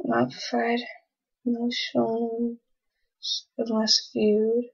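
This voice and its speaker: A woman's voice: fairly high pitch, monotone, extremely slow, creaky, breathy edge, lo-fi sound. A young woman casually commenting on a life-sim game she is playing and talking to its characters in a teasing way. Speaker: let's play gamer.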